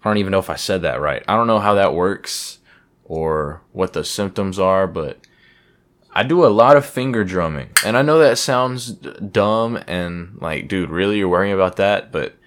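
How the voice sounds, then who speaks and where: A young man with a low voice chats on his own podcast in a loose, rambling way. He swears freely and pokes fun at himself as he goes. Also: lively intonation, moderate pace, fairly bright tone. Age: young adult. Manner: rambling, profane, self-deprecating. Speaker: podcast host. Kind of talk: casual solo podcast chat.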